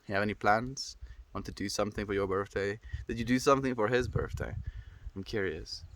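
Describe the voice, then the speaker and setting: Brief: young male streamer, lowish voice, congested and snuffly, loose reflective rambling to chat. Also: brisk, a little hiss or hum. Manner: rambling, reflective, greets viewers warmly. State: stuffy nose, snuffly. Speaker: livestreamer. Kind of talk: casual livestream chat.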